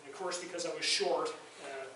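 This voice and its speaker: Male guest lecturer, somewhat high voice, anecdotal and self-mocking, distant mic in an echoey lounge. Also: steady tone, a little fast, a crowd in the background. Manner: chatty, self-deprecating humor. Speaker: guest lecturer and documentary filmmaker. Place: university faculty lounge, indoors. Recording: very echoey room, voice far from mic.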